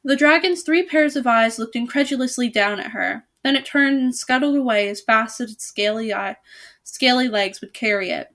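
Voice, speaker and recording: A woman's voice: a little high, normal speed, fairly bright tone. Woman reading a storybook aloud. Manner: casual asides, self-corrections. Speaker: storybook reader. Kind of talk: reading a children's novel aloud.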